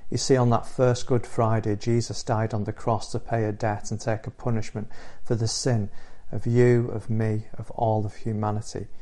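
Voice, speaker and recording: Low, flat-voiced earnest male preacher. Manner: earnest, measured storytelling with pauses. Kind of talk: sermon retelling the Easter story.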